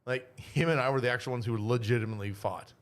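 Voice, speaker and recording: A man's voice: mid-range voice, quick pace. A man co-hosting a casual podcast in a small studio, talking bluntly and swearing freely. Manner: blunt and profane. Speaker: podcast co-host. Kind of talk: casual banter.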